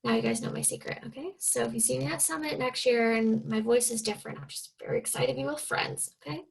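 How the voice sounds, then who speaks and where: A young woman from Oregon talks casually on a team video call, her fairly high voice carrying a gravelly, creaky edge. She is chatty and leans on fillers, and she keeps slipping into little impressions of the people she quotes. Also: fast, crowd noise, low-quality recording. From Oregon, USA. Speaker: guest speaker, fitness coach.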